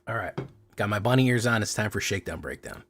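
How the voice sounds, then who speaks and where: A man's voice: lowish voice, fast talker, creaky, slightly rough. A man hosting a card game stream, talking in a playful, joking way. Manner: playful, joking, lively delivery. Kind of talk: casual stream commentary.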